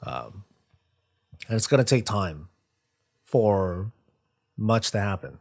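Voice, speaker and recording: A man's voice: fairly low pitch, animated, slow pace, creaky. A man hosting a live stream, talking casually in a rambling way, often restarting his sentences. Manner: rambling, frequent restarts and stumbles. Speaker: streamer host.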